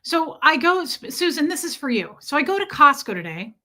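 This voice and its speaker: A woman's voice: high-pitched, sing-song, moderate pace, sharp tone. A young woman from the Midwest with a Midwestern accent, chatting casually on her livestream, rambling and answering viewers' comments. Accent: Midwestern American. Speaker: livestream host.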